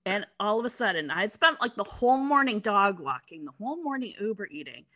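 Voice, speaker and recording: A middle-aged woman telling a story in casual chat, animated and laughing, acting out voices from her anecdotes, on a close mic. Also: medium pitch, a little fast, no room sound. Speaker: podcast guest.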